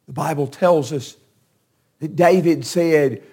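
A man's voice: fairly high pitch, takes it slowly, dark tone, husky. A man preaching a sermon, retelling a Bible story with emphatic storytelling that stresses key words.

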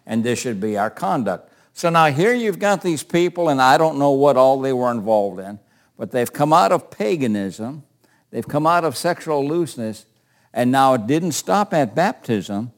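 A man's voice: mid-range voice, lively intonation, normal speed. An older man teaching a Bible class in a conversational way, asking questions and calling on readers.

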